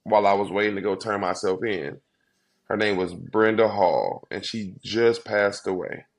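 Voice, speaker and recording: A man in his thirties with a fairly low voice, recounting his past as an interview guest. He speaks earnestly and from the heart, with quick runs of words broken by slow, weighted phrases. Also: fairly even intonation, creaky. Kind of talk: emotional storytelling interview.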